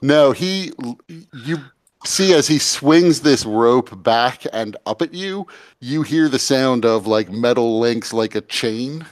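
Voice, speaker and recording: A man narrating a tabletop game as game master, in a measured, descriptive way. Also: mid-range voice, animated, no room sound.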